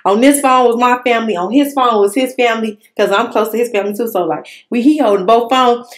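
A young woman hosting a casual podcast chat, telling an animated personal story in casual slang. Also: a little high, fast talker. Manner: animated storytelling, Southern Black-American vernacular slang. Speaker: podcast host.

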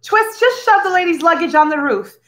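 A woman voicing a rich, bored, easygoing gentleman with breezy upper-class politeness in a storybook reading. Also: very high-pitched, lively intonation, brisk, pitched above the performer's own voice. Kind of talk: read-aloud storytelling.

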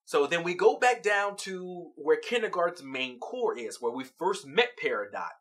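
Picture a vlog host talking through a cartoon episode they just watched. The pitch swings widely as the story builds, and the tone stays bright and forward. They laugh often and keep the recap loose and chatty. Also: sing-song, normal speed.

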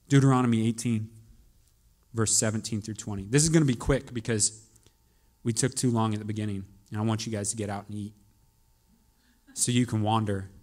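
A man preaching a sermon as pastor, moving from quiet, musing storytelling to loud, urgent calls to the congregation. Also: on the low side.

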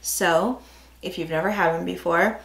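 A woman's voice: on the low side, fairly even intonation, measured pace, creaky, echoey room, poor audio. A woman co-hosting a casual snack-tasting vlog, chatty and giggly, often talking over her partner. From United States. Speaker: vlog co-host.

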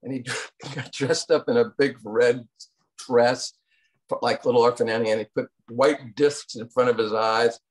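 A man's voice: medium pitch, steady tone, a little slow. An older man telling casual anecdotes in an interview, rambling with fillers and acting out quotes along the way. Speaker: interview guest, cartoon producer.

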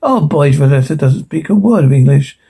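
A man reading the lines of a busy, bossy mother from a film script, in a raised, gravelly voice. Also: on the high side, animated, moderate pace, warm tone, exaggerated voice. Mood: brisk.

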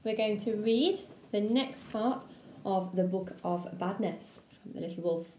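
Woman teacher reading a storybook to pupils, expressive and playful, mellow voice, echoey classroom. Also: medium pitch, a little slow, a little hiss or hum. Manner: expressive read-aloud with childlike letter voice. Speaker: primary school teacher. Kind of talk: reading a children's book aloud.

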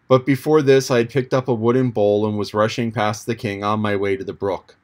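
A man reading an audiobook chapter in a measured, descriptive manner. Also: on the low side, steady tone, darkish tone. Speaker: audiobook narrator. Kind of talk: audiobook narration.

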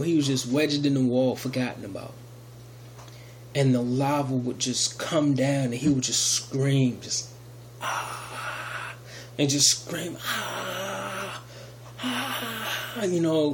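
A man's voice: medium pitch, darkish tone, slight background noise. Rambling man telling a testimony. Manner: rambling, many restarts and fillers. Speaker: video testimony speaker. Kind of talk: casual spoken testimony.

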